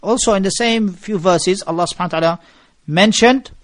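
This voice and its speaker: Speaking a little fast in a high-pitched voice, a male Islamic preacher addresses a gathering, telling animated stories and weaving Arabic phrases into his English. The recording is dry and studio quality.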